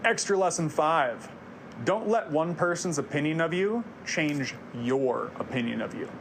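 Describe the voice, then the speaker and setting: A man's voice: fairly high pitch, expressive, measured pace, background noise. A man around thirty, hosting a personal video series, narrating scripted reflections in an earnest, confessional way.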